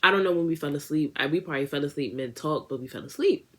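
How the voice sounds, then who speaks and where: A young woman with a low voice tells a storytime tale for her vlog. She talks casually and animatedly, full of slang and asides. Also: quick pace. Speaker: beauty vlogger.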